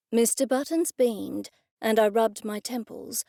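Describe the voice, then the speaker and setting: A woman narrating a first-person audiobook in a wry, measured storytelling manner. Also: fairly high pitch, expressive, gravelly, a little mellow, dry recording, clean studio sound.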